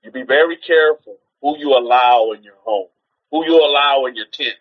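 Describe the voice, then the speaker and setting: A man's voice: medium pitch, a little fast, breathy edge, highs cut off. A man preaching in an informal teaching style on a livestream, exhorting his listeners, repeating rhetorical questions and often restarting his sentences.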